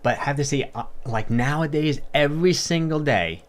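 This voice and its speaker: A man's voice: on the high side, moderate pace. A man, a fitness coach, talking casually on a livestream and answering viewer comments in a chatty, upbeat way with lots of fillers and repeats.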